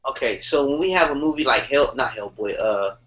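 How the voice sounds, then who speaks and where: A young man co-hosting a podcast in casual chat, animated and slangy, laughing and swearing as he tells stories. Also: mid-range voice, brisk. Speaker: podcast co-host. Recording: dull lo-fi podcast audio.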